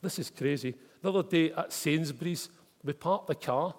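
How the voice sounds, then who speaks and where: A Scottish man with a slightly high voice and moderate pace preaches a chatty, storytelling sermon, slipping in local words like "wee" and "mate." He's in a church hall with a congregation, and the recording carries its long reverb.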